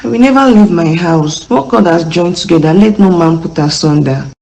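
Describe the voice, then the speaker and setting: A woman with a Nigerian English accent voicing a gentle young wife, pleading and earnest. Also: on the low side, moderate pace, gravelly.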